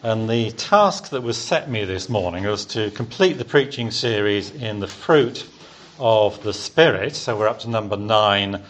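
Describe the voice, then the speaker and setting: During a church service, a man preaches a sermon interactively, asking the congregation questions and leading them in repeating words after him. His voice is lowish and animated at a measured pace, with a little hiss or hum.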